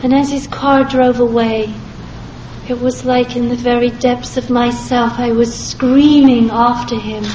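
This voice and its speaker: A middle-aged woman and former minister giving a lively personal testimony to an audience, acting out both sides of her conversations. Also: fairly high pitch, unhurried, slight background noise. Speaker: former Christian minister telling her story. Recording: echoey hall, dull lo-fi sound.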